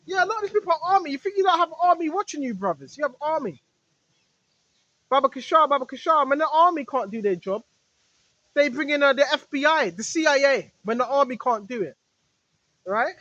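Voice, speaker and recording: Woman preacher, high voice, rambling monologue, repetitive rhetorical questions, dry close sound. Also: expressive, a little fast, no room sound, dull audio. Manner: talks straight to listeners, now and then shouting rebukes at spirits.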